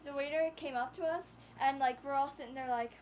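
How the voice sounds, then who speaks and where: Chatty high-pitched teenage girl. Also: fairly even intonation, darkish tone, a little hiss or hum. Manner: chatty, chimes in with quick asides. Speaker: vlogger. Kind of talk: casual storytelling chat.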